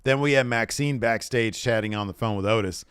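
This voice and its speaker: A man's voice: mid-range voice, brisk, fairly bright tone, clear, resonant tone, dry recording. Dry-voiced man recapping with hammy voices. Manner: hammy, acts out quoted lines in put-on voices. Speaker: podcast co-host. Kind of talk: casual recap chat, reading out dialogue.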